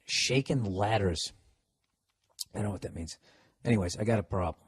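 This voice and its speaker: A man's voice: lowish voice, very fast, dark tone, husky, no echo. A man with a Boston accent hosting a podcast, reading listener mail aloud and mocking it with sarcastic, profane, incredulous remarks. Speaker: podcast host.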